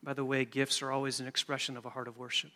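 A man preaching a sermon, moving from hushed storytelling to loud, emphatic preaching. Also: medium pitch, level tone, fast, long reverb tail. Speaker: pastor.

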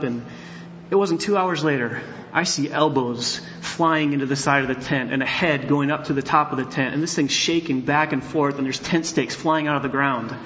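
Bright-voiced preacher man, earnest and candid. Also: mid-range voice, normal speed, dull audio, slight background noise. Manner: candid, storytelling, rising to emphatic outbursts. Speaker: pastor. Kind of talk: sermon. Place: church sanctuary.

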